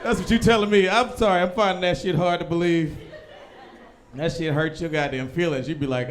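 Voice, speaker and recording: A young man performing stand-up in a small club, his voice sitting a touch high for a man. He talks loud and profane and keeps breaking into shouted impressions. Faint crowd murmur hangs behind him. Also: brisk, slight background noise. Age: young adult. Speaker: stand-up comedian. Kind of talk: stand-up comedy set. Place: small live comedy venue with audience.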